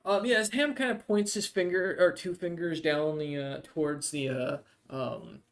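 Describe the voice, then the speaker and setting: Higher-voiced man running a tabletop game. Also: moderate pace. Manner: hesitant, full of ums and uhs. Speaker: game master.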